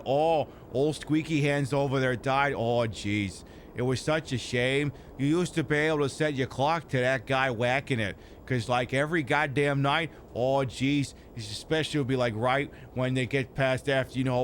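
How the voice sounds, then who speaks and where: A man's voice: mid-range voice, slight background noise, lightly acted. A man putting on a folksy, rambling dockside character who keeps exclaiming as he gossips.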